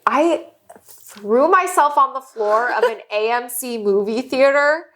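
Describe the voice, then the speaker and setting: A woman's voice: high-pitched, a little slow, fairly bright tone. A woman co-hosting a podcast, telling stories in casual chat, candid and profane, often laughing as she talks. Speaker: podcast co-host.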